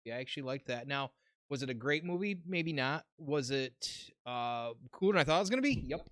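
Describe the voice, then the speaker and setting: A man's voice: medium pitch, animated, brisk, fairly bright tone, dry recording. A man hosting a casual podcast, laid-back and rambling, swearing now and then. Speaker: podcast host. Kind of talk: casual chat.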